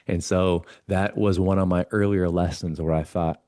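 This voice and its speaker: Deep-voiced man telling earnest stories. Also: fairly even intonation, normal speed, mellow, no echo, clean studio sound. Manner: earnest, acts out quoted dialogue with himself and a mentor. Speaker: podcast guest. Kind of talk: conversational storytelling.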